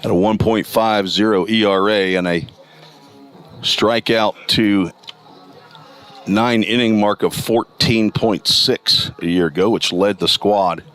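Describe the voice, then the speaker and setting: A man with a gravelly morning voice calling college baseball play-by-play, reading stats in a steady, detailed way. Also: lowish voice, takes it slowly. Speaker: play-by-play announcer. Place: outdoor college ballpark.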